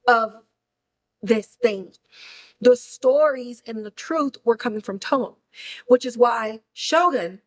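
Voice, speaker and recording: A woman hosting a podcast, recapping a film in animated, slangy, casual chat. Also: on the high side, poor audio. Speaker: podcast host reviewing a film.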